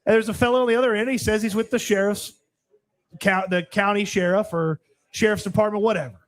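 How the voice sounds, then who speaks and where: Man, high voice, co-host, casual sports chat, animated storyteller. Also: fairly quick. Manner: animated storytelling, acting out both sides. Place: live show at a restaurant.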